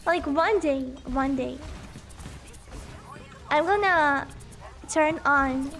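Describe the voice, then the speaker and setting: A woman's voice: high voice, drawn-out words, long pauses, fairly bright tone, faint music behind. A young woman streaming a video game, chatting casually and giggling often. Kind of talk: casual gameplay chat.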